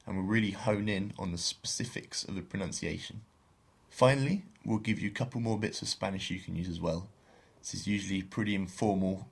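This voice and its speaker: A man co-hosting a beginner Spanish podcast, explaining phrases and slowing down to model pronunciation. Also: fairly low pitch, creaky, husky. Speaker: podcast co-host teaching Spanish.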